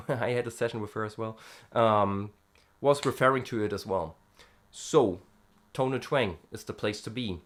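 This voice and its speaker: A man's voice: fairly low pitch, a little slow. A man from Europe talking casually and hesitantly about vocal technique, with many fillers, breaking into short sound demonstrations. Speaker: vocal student vlogger. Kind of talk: casual singing-lesson vlog.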